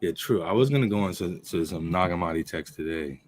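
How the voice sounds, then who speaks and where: A man in his forties talking casually to a computer mic, rambling with restarts and clearing his throat. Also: sits low, lively intonation. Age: 40s. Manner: recites his own verses in a slow, measured cadence. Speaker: channel host. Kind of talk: casual talk to camera.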